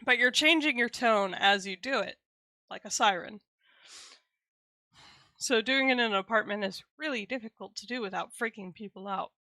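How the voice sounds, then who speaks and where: A woman's voice: fairly high pitch, normal speed, long pauses, pushed and bright, dry recording. A young woman streaming live, chatting candidly with viewers and swearing casually as she explains things.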